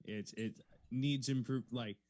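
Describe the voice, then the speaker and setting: A man's voice: mid-range voice, steady tone, takes it slowly, darkish tone, dry recording. A man co-hosting a comedy podcast, talking in casual chat, rambling and laid-back with many fillers. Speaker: podcast co-host.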